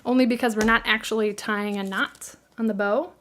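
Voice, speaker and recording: A woman's voice: a little high, steady tone, brisk, a bit bright, a little hiss or hum. A middle-aged woman with a Midwestern American accent hosts a live craft tutorial, chatting in a friendly way, laughing easily and answering viewers' questions.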